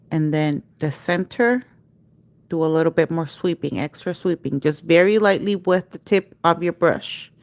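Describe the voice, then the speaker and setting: Woman nail artist on a livestream, unhurried, lowish voice, patient step-by-step coaching. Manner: patient step-by-step instruction, chanting repeated cue words. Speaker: nail artist teaching a live class. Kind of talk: livestream tutorial.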